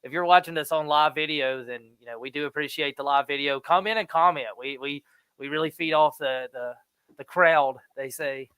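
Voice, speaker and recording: A man's voice: fairly high pitch, normal speed, bright, forceful tone, smooth, dry recording. A man co-hosting a live show, loose and rambling, laughing often. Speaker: co-host. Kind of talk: casual live show banter.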